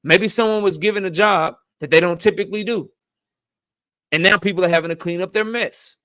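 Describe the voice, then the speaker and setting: Middle-aged guy hosting, cussing and pushing his point hard, sharp tense voice. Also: sits high, fairly quick, no room sound. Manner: insistent, argumentative, profane. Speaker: channel host. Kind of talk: heated debate on a call.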